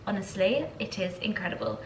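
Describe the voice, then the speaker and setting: A woman's voice: mid-range voice, very animated, brisk, a little hiss or hum. A young woman, chatting casually and gushingly in a lifestyle vlog at home. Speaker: lifestyle vlogger. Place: home, indoors. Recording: echoey home room with faint ambience.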